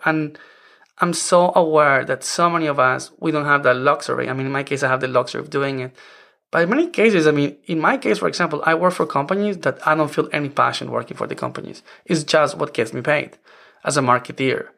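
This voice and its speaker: Man, forties, non-native English, podcast host, earnest, rambling, fairly high voice. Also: brisk, creaky, bright, forceful tone. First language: not English. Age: 40s. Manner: earnest, rambling with many "I mean" restarts. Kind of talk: casual self-help podcast monologue.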